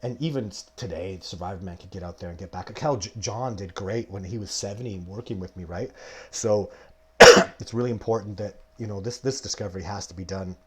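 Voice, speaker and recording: A man's voice: sits low, a little fast, a bit bright, breathy edge. Rambling man in his forties, live. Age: 40s. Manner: rambling, emphatic, goes off on tangents. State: coughing now and then. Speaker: host answering viewer questions. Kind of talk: live-stream casual talk.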